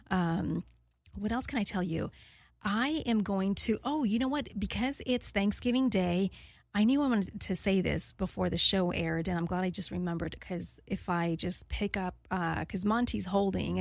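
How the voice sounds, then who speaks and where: A woman's voice: medium pitch, vocal fry, dry recording. Candid, chatty woman in her forties hosting. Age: 40s. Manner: rambling and candid, laughing often, frequent fillers. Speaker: radio show host. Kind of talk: casual chat to listeners.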